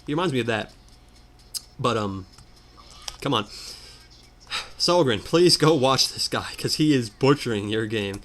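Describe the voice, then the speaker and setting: Lively ranting man over gameplay. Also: mid-range voice, a little slow, long pauses. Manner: animated, exasperated ranting. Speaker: let's player.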